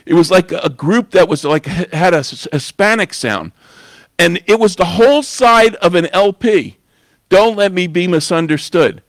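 Preaching as a guest in church, a New York man talks in a conversational way, frequently tossing in "you know?". He has a high voice with lively intonation and a moderate pace, heard on a dry recording.

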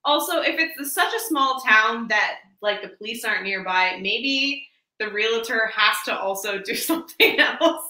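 A woman co-hosting a casual book club chat, relaxed and full of "like" fillers. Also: a little high, measured pace, roomy sound, low-quality recording. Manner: relaxed, uses filler "like" often.

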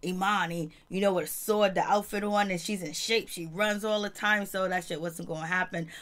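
A TV show reviewer recaps a reality TV episode in slangy, casual talk, acting out the quotes in character voices as she goes. Her voice sits on the low side, with a steady, fairly bright tone at a normal speed.

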